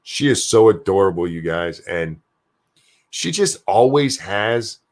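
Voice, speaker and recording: An older American man with a deep, low-pitched voice that swings widely in pitch as he talks. He hosts a solo live stream in a loose, rambling way, swearing freely and answering viewer chat as it comes in. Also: lively intonation, a little slow, darkish tone. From United States. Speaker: show host reading live chat.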